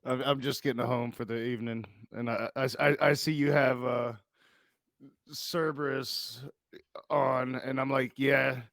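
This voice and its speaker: A man's voice: mid-range voice, level tone, a little slow, vocal fry, fairly bright tone, no room sound. A man on a panel stream, talking casually with many hesitations and restarts. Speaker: panel guest.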